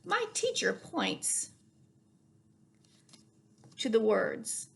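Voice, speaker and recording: Husky woman reading a storybook. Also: mid-range voice, huge pitch swings, drawn-out words. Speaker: reader.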